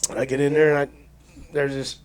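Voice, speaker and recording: Male podcast host, slightly high voice, loose and folksy, tells rambling tales. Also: flat delivery, normal speed. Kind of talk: casual chat, anecdote telling.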